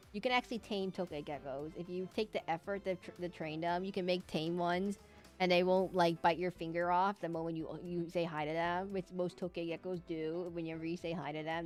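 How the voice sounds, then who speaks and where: Giggly rambling young woman streamer. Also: on the low side. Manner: rambling, giggly, jumps between tangents. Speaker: streamer drawing live. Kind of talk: casual chat while drawing.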